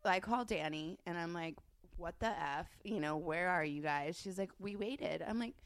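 A woman's voice: lowish voice, moderate pace, no echo. A woman in her thirties, a podcast guest telling a story in casual chat, laughing often as she talks. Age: 30s.

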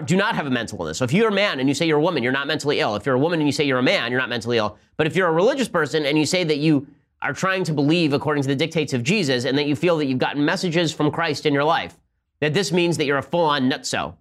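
A man hosting a political talk show, with a fast, sarcastic and combative delivery full of asides. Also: fairly high pitch, expressive, a bit bright. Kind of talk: fast opinionated commentary with ad read.

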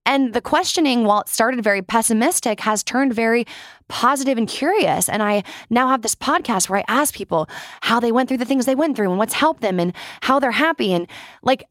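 A woman's voice: on the high side, dry recording, clean studio sound. A young woman hosting her own podcast, talking casually and earnestly, with frequent "like"s and casual swearing. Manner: chatty, says "like" often, swears casually. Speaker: podcast host. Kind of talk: casual solo podcast talk.

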